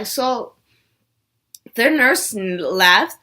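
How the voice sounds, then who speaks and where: A woman's voice: a little high, normal speed, sharp tone. A young woman vlogger telling a personal story in a casual chat, saying "like" a lot. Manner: chatty, says "like" a lot.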